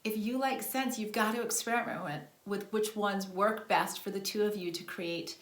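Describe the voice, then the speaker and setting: A woman's voice: mid-range voice, steady tone, normal speed, echoey room. A middle-aged woman co-hosting a show, talking frankly and casually about intimacy products. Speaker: podcast co-host.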